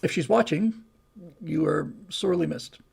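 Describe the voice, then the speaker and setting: A man's voice: on the high side, normal speed, gravelly, darkish tone, a little hiss or hum. An older man hosting a live stream, chatting casually and reading comments in a rambling, folksy way. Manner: rambling, folksy, restarts and asides.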